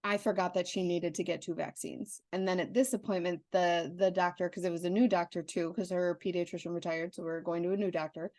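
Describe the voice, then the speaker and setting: A young adult woman co-hosting a podcast, telling stories in a candid, animated way with lots of restarts. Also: fairly low pitch, fast talker, hardly any pauses, no room sound, studio quality. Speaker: podcast co-host. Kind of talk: casual chat.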